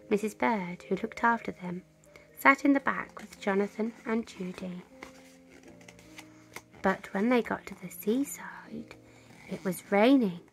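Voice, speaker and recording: A woman reads a bedtime story in a soft voice that often drops to a whisper. She reads slowly, with a gravelly, fry-tinged grain. Faint music plays underneath. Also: medium pitch.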